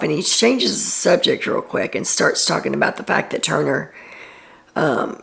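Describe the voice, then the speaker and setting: Recapping casually as the show's host, she speaks in a low register with a creaky, gravelly quality. Her delivery is talkative and full of opinions, sprinkled with asides and frequent ums.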